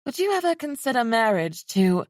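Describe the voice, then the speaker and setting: A woman voicing a guarded young elf warrior queen who speaks low, curt and firm. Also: sing-song, moderate pace, dry recording, studio quality.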